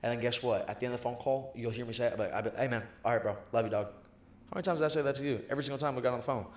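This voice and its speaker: A man's quick-fire, punchy voice carries his points as a guest in a sales interview, blunt and often profane, hammering each line home by repeating it. The room rings with a noticeable echo around him. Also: medium pitch, steady tone. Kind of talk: motivational interview talk. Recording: echoey room.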